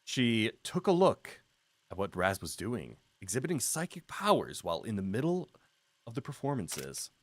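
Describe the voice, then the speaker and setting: A man's voice: on the low side, wildly swooping pitch, normal speed. A man streaming a video game, chatting playfully with his viewers and laughing often. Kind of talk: casual gameplay commentary.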